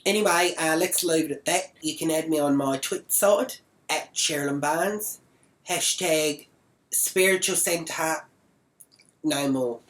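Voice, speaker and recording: A woman's voice: deep voice, a little slow, rough recording. An Australian woman, a vlogger, bluntly retelling a feud in a swearing, casual rant and acting out what each person said. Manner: acts out quoted exchanges.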